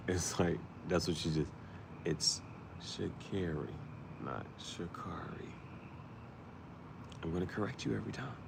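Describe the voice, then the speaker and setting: A man's voice: low-pitched, brisk, creaky, background noise. A man, rambling in a loose, joking monologue and often laughing. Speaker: vlogger.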